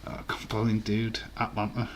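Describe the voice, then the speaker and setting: A man's voice: lowish voice, monotone, normal speed, a little hiss or hum. A man hosting a casual quiz live stream, reading out viewers' answers and swearing now and then.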